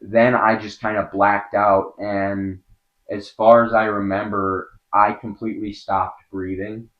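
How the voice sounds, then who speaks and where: Earnest young man, low and halting. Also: little pitch movement, highs cut off. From Wisconsin, USA. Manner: earnest, halting, many filler words. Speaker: podcast guest. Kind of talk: personal storytelling in an interview.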